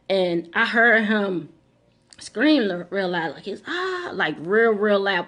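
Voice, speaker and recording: Emphatic middle-aged woman telling a story. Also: mid-range voice. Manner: emphatic, repeats lines, speaks straight to the audience. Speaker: vlogger. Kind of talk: personal storytelling to camera.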